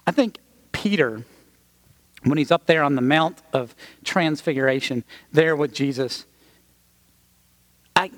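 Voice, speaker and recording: Conversational preacher man, animated. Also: a little high. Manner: conversational, animated storytelling with asides to the congregation. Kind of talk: sermon with personal story.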